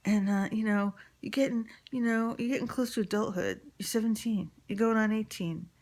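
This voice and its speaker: A man's voice: high-pitched, steady tone, moderate pace, pitched above the performer's own voice. A woman putting on her blunt, prying middle-aged father as she quotes him.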